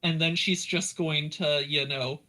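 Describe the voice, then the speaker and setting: Tabletop player, a man with a slightly high voice who rambles through his moves. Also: fairly even intonation, measured pace, pushed and bright. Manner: rambling, many fillers. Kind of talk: casual tabletop game play.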